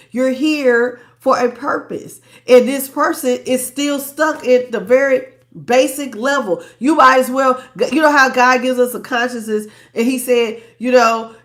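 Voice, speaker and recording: A tarot reader with a high, slightly bright voice sounds stuffed up as she gives a live reading. She's blunt and preachy, talks in slang, and greets the viewers in her chat.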